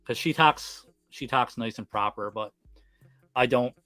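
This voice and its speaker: A man in his thirties with a Newfoundland accent, hosting a casual livestream chat, talking fast with lots of slang and laughing often. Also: medium pitch, bright, forceful tone, dry recording, soft background music. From Newfoundland, Canada. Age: 30s. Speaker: livestream host.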